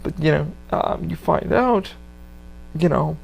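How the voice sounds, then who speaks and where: A man's voice: fairly high pitch, lively intonation, slow pace, gravelly. A man hosting a podcast, talking in a rambling, casual way with lots of swearing and fillers. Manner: rambling, profane, full of fillers. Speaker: podcast host.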